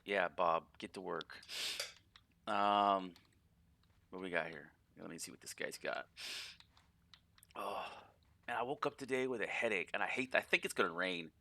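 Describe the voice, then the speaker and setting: A man's voice: low-pitched, normal speed, vocal fry, pauses often, pushed and bright. A man casually commenting on his gameplay in a rambling, profane way, often repeating and restarting words. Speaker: gaming channel host.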